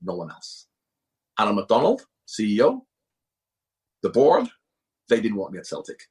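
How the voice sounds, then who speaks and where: A man's voice: on the low side, wildly swooping pitch, measured pace, a little mellow. A middle-aged man, a former football manager, talking at length as an interview guest, emphatic and repeating himself for stress. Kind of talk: casual interview talk.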